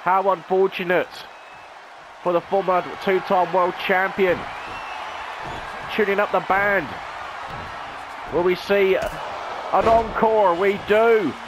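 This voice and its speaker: A man's voice: high voice, fairly even intonation, takes it slowly, long pauses, a crowd in the background, noisy background. A man, a gaming channel host, calling a video game wrestling match play-by-play in a dramatic announcer style with rhetorical questions.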